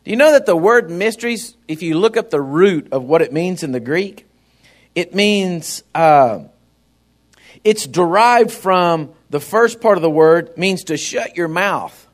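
A man's voice: sits high, animated, measured pace. A man preaching a sermon in a folksy, conversational way, often turning to the congregation with asides.

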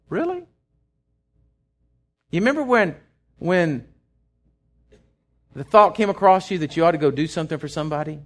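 A middle-aged man with a Texan accent, preaching a sermon in a folksy storytelling way, swinging from loud to hushed. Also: a little high, lively intonation, normal speed, long pauses. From Texas. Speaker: pastor.

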